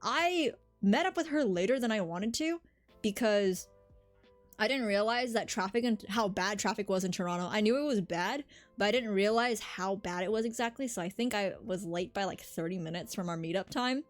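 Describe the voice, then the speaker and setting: A woman's voice: medium pitch, normal speed, soft background music. Chatty woman with a slight Southern accent. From Southern United States. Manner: rambling, chatty, answers chat. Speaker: streamer. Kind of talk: casual live-stream chat.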